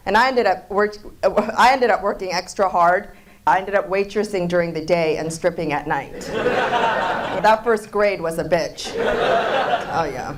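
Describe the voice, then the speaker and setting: A woman comedian who grew up in Seattle, telling stories in a stand-up set with deadpan delivery and abrupt punchlines. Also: medium pitch, normal speed, low-quality recording. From came to the US at age four, grew up in Seattle.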